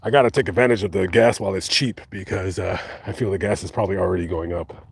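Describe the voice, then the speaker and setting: A man live-streaming outdoors in a cemetery, talking casually and reading viewer comments, with many halting restarts and fillers. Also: sits low, steady tone, creaky, husky, no room sound. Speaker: vlogger reading live chat.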